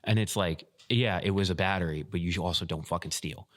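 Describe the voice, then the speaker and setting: A man co-hosting a podcast, retelling a story in a profane, animated way. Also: low voice, brisk. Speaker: podcast co-host, field staff. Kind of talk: casual storytelling chat.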